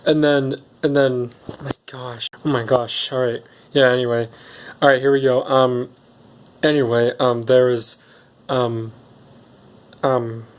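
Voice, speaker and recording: A man's voice: medium pitch, little pitch movement, a little slow, pauses often. Rambling man recapping a movie. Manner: rambling, hesitant, many ums and restarts. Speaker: movie reviewer. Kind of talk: casual film recap.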